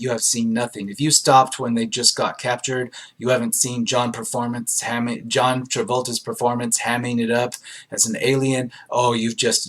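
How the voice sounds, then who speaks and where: A man of middle pitch reads audience film reviews aloud and answers each one in a loose, unscripted way. His asides are dry and sarcastic, and he leans on frequent ums as he thinks. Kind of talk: casual commentary reading reviews aloud.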